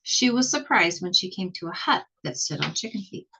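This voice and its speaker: Husky woman reading a picture book aloud. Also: lowish voice, low-quality recording. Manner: expressive, slow storytelling. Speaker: storybook reader.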